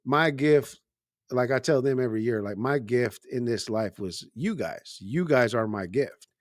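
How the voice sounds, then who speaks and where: A man in his forties, a podcast co-host, talks in a loose, heartfelt way with plenty of slang and casual swearing. His voice sits at an ordinary middle pitch. The sound is close and dry, with no room around it. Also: measured pace, dry recording. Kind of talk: casual chat.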